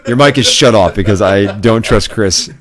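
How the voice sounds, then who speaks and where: A man co-hosting a casual podcast, teasing his co-host in quick, playfully bossy banter. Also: on the low side, a crowd in the background.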